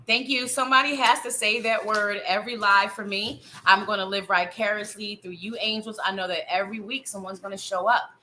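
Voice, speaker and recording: A woman's voice: mid-range voice, fairly even intonation, brisk, hardly any pauses, sharp tone, a little hiss or hum, poor audio. A woman hosting a live psychic show, giving tarot readings in a chatty, playful way, talking straight to the viewer and laughing often.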